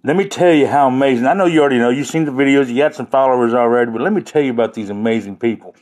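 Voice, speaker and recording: A man's voice: mid-range voice, very fast, a little mellow. A man hosting a casual livestream, joking and rambling with his viewers and laughing often. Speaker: livestream host chatting with viewers.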